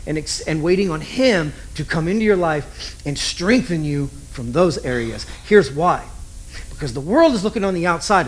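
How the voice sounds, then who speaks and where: Preaching in a conversational, relaxed style, a high-voiced male pastor cracks jokes and keeps asking his audience rhetorical questions.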